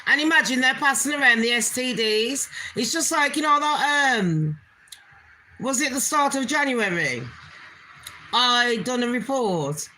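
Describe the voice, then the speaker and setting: A woman's voice: on the high side, lively intonation, measured pace, pushed and bright, slight background noise. A woman hosting her own channel, ranting bluntly in casual commentary and swearing heavily with open scorn. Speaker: channel host.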